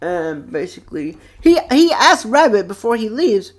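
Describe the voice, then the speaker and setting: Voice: mid-range voice, very animated, moderate pace. Rambling young vlogger on a close mic. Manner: rambling, with many fillers and repeated phrases. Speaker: vlog host. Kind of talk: casual chat about childhood TV shows. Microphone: close microphone.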